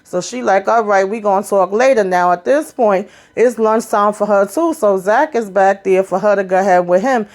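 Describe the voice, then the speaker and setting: A woman's voice: medium pitch, moderate pace, few pauses, a little mellow. Chatty woman recapping a TV episode. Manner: chatty, slangy, quotes the characters loosely.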